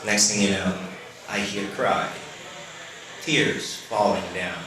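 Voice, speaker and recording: Halting man in an echoey hall. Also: on the low side, fairly even intonation, a crowd in the background. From Philippines. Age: late 30s. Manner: halting, leans on "you know" fillers. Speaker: storyteller. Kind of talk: live personal storytelling. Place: stage before a live audience. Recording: very echoey room with audience.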